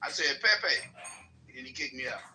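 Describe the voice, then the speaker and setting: A man's voice: mid-range voice, little pitch movement, rapid-fire, bright, forceful tone, a little hiss or hum, rough recording. A man, a guest on a live stream, telling loose slangy stories and acting out the quotes. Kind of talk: profane casual live-stream chat.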